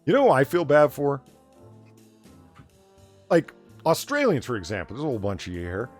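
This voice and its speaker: A man's voice: medium pitch, wildly swooping pitch, normal speed, darkish tone, soft background music. A man hosting a late-night casual chat, talking in a sardonic, profane rant. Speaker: host.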